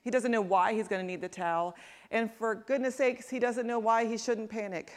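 Woman, preacher, conversational sermon, asks the room questions, goes quiet and soft for emphasis. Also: fairly high pitch, fairly even intonation, normal speed. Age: adult parent. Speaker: pastor.

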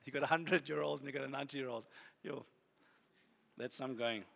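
A man preaching a sermon, animated and humorous, building to loud exhortation. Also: medium pitch, a little fast, gravelly, pauses often. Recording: long hall reverb.

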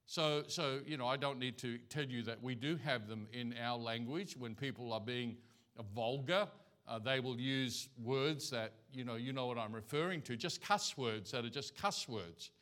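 A man's voice: medium pitch, normal speed, fairly bright tone. A male pastor giving a conversational sermon in church, telling folksy stories and anecdotes.

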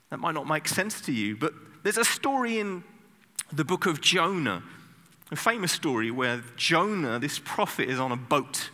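A man preaching a sermon, telling the story with lively bursts of acted shouting. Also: mid-range voice. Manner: animated storytelling, sudden loud acted outbursts. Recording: long hall reverb.

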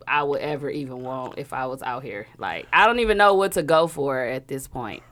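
A woman, a mother, chatting casually with friends, blunt and slangy and quick to laugh. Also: very deep voice, lively intonation, a bit bright. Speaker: mother in a group chat. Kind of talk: casual banter.

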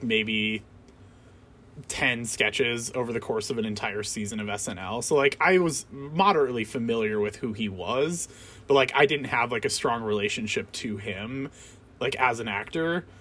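A man co-hosting a casual podcast, sharing his take on a film in a relaxed, rambling way and often laughing. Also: mid-range voice, normal speed. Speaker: podcast co-host.

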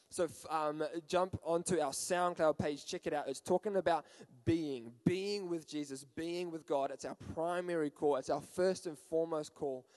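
A man preaching a sermon to a youth group, energetic and playful, joking with the crowd. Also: on the high side. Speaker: youth pastor. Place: church hall. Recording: echoey hall with long reverb.

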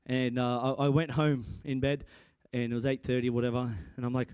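A young man preaching a sermon in an animated, excitable way, with many restarts and sudden shouts. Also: mid-range voice, fairly quick, smooth, dry recording, clean studio sound. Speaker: preacher and church guitarist. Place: church.

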